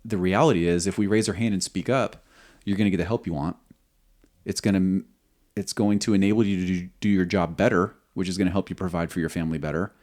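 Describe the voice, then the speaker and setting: Earnest man with a very deep voice. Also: fast. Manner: earnest, steady reasoning. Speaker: podcast co-host, former squadron commander. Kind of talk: reflective faith talk.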